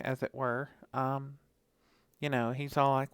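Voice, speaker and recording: A man's voice: mid-range voice, measured pace, a bit bright, clear, resonant tone, no room sound. A man co-hosting a horror podcast, chatting casually and rambling with lots of fillers. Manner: rambling, many fillers, acts out characters' lines. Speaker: podcast co-host. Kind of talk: casual chat reviewing a horror comic.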